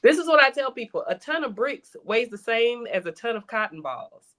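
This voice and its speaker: A woman in casual conversation, telling stories with lively acted-out dialogue. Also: a little high, normal speed. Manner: animated storyteller, acts out quoted dialogue. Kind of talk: casual chat.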